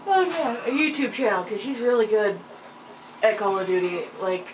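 A young woman giving casual, rambling gameplay commentary, giggling often and filling pauses with ums, a little sleepy with hiccups. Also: medium pitch, lively intonation. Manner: rambling, giggly, many fillers. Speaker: gaming channel host. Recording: distant mic with faint noise.

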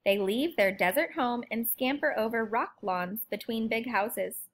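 A woman reading a children's picture book aloud in an expressive, lively way. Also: fairly high pitch, measured pace. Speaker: storybook narrator. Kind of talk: children's storybook read-aloud.

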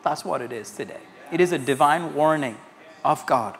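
A man's voice: a little high, expressive, normal speed, gravelly, a bit bright, in a large hall. A man from India preaching a sermon as pastor, quoting scripture and telling anecdotes to his congregation. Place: large church hall.

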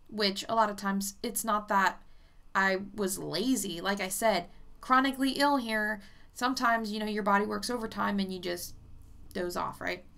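Bright-voiced, blunt-talking woman medium. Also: mid-range voice, gravelly. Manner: chatty, blunt, swears freely. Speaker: psychic medium. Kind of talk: casual vlog talk.

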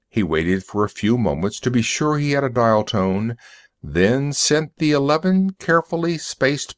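A man reading a story aloud as a narrator for English learners, slowly and deliberately. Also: medium pitch, dry recording, studio quality.

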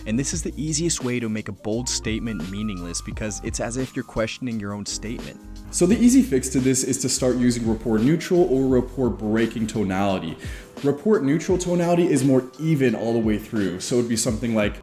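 A man's voice: mid-range voice, lively intonation, fairly quick, dark tone. A man hosting a casual explainer vlog, chatty and informal with joking asides. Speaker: video host. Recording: roomy echo with faint music.

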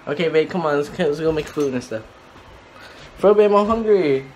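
A man's voice: a little high, normal speed, a crowd in the background. A young man playing a prank on his girlfriend, pleading and evasive, swearing casually. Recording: echoey room, distant from mic, noisy.

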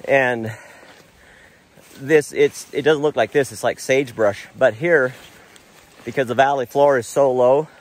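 A man's voice: medium pitch, measured pace, long pauses. A middle-aged American man chatting casually while hiking a mountain trail outdoors, a little out of breath and rambling as he talks about the way up. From United States. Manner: relaxed, rambling, admiring nature. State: slightly out of breath. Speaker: vlogger, father on a family hiking trip.

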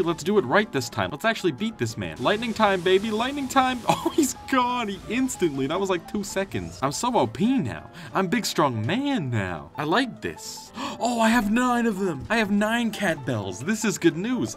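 A young man giving excitable, jokey gameplay commentary and trash-talking enemies as he plays. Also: on the high side. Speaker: gaming youtuber. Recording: faint game music behind.

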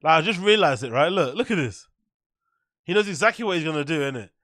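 Mocking man reacting, lively. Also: fairly high pitch, quick pace, no room sound, studio quality. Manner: mocking, swears freely, laughs often. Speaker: reaction video host. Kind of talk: casual reaction commentary.

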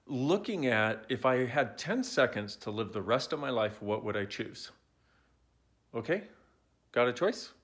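A man's voice: medium pitch, a bit bright. A man in his forties talking casually to a phone held at arm's length, playful and prone to digressions, coaching his viewers. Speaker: self-help speaker. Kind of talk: casual talk to camera.

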